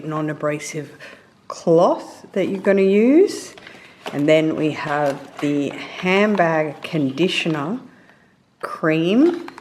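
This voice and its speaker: A woman hosting her own fashion vlog, chatty and enthusiastic as she reviews a product. Her voice sits a little low, and she talks at an unhurried pace with playful slang. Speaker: fashion vlogger. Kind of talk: casual sponsored product review.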